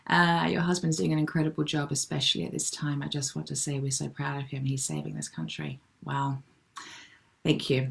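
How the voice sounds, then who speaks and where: A middle-aged woman hosting a live online wellbeing session, gently and affectionately reading out viewers' comments and replying to them. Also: on the low side, creaky. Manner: gentle, affectionate, calls people darling.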